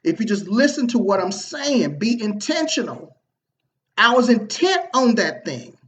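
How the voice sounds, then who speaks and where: A man telling a personal story to his viewers in a casual, motivational way, slangy and animated, acting out the people he quotes. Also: sits high, measured pace, dull audio. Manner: animated, slangy, repeats himself and acts out quoted dialogue. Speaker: online marketing video host.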